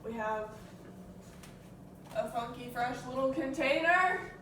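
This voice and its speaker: A teenage girl films a casual cooking vlog on her phone in her home kitchen, joking and poking fun at herself. Her high voice is expressive and a bit bright, and she takes it slowly. The room is echoey, with faint noise.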